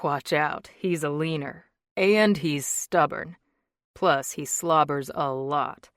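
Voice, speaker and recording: A woman's voice: low-pitched, takes it slowly, dry recording, clean studio sound. A woman voicing a cocky, teasing young man. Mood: wry.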